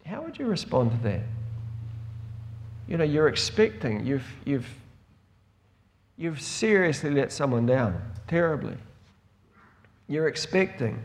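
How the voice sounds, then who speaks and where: A man's voice: fairly high pitch, big pitch swings, unhurried, pauses often. Older male preacher, storytelling sermon, voice lifts with emotion. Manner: storytelling, rising with emotion in quoted dialogue.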